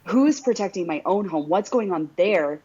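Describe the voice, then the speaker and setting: Woman host, husky low voice, blunt and emphatic, dull lo-fi sound. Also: lively intonation, normal speed, warm tone. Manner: emphatic and blunt, swears, fills with "like" and "right?". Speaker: podcast host. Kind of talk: casual podcast conversation. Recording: dull lo-fi recording.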